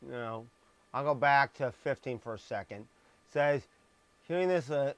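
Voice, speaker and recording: A man's voice: medium pitch, moderate pace, pauses often. A man reading scripture on a live stream, stressing words and dropping blunt, sarcastic asides. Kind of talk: live-streamed Bible message. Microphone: streaming microphone.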